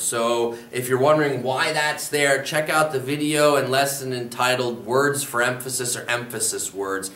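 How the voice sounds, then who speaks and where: A man teaching a slide-based language lesson, slowly and carefully modeling each phrase for learners to repeat. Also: medium pitch, fairly bright tone, recorded from a distance. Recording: echoey room, voice a bit off-mic.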